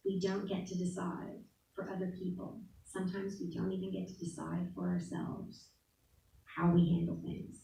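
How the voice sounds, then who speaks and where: A woman's voice: lowish voice, very animated, measured pace, mellow, a little hiss or hum. A woman giving a candid, casual talk at a spiritual center, laughing often and saying "like" a lot. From New Orleans. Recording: echoey room, voice from far off.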